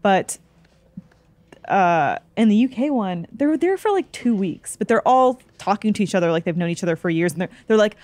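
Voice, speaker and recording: Canadian woman, casual gaming chat, animated and quick, dry close mic. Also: mid-range voice, no room sound. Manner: animated, quick, puts on mocking voices in retellings. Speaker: show regular. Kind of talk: casual chat over a gameplay stream.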